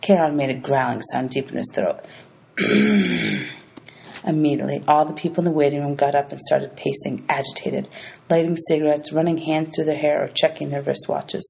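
A woman's voice: sits low, normal speed, creaky, a little mellow, husky, poor audio. A woman teacher reading a novel aloud to her students, announcing page numbers as she goes.

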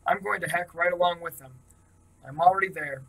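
A man's voice: high voice, a little fast, creaky, fairly bright tone, distant mic, full character voice, poor audio. A man reading the lines of a drunk, bitter teenage girl in a story, in his own plain voice. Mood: despairing.

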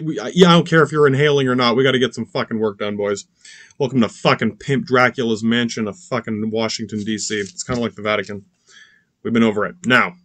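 A man's voice: mid-range voice, fairly bright tone, no room sound. A man hosting a podcast in a casual, profane rant, rambling with many restarts, asides and curses. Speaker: podcast host.

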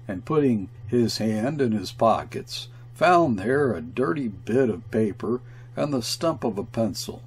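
A man reading a classic short story aloud in a slow, measured, grave manner. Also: medium pitch, animated, gravelly, husky. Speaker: audiobook reader. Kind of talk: scripted narration of a classic story.

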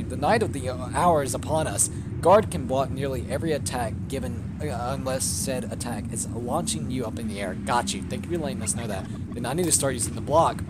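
A young man giving live, profane commentary while playing a video game, often shouting in excitement. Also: mid-range voice, very noisy. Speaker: gaming streamer.

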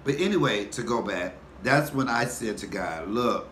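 Low-voiced man telling a story, echoey room. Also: moderate pace, hardly any pauses. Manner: animated, folksy, talks to viewers as y'all. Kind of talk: casual storytelling mukbang. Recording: echoey room with faint background noise.

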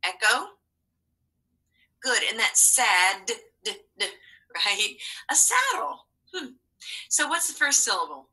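Bright, husky-voiced woman teaching children. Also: on the high side, sing-song, slow pace, long pauses, poor audio. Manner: encouraging, patient, sing-song prompting. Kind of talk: online phonics lesson for children.

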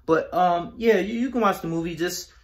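A man voicing a loud, sharp-tongued mother who swears and scolds her son in a comedy skit. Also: high voice, close to an everyday voice. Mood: apologetic, stern. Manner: swearing, exasperated, rapid scolding.

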